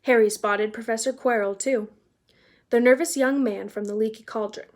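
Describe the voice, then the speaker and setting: A woman's voice: fairly high pitch, steady tone, moderate pace. Chatty woman reading aloud to kids. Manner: chatty, explains words for young listeners. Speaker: read-aloud narrator. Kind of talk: casual children's read-aloud.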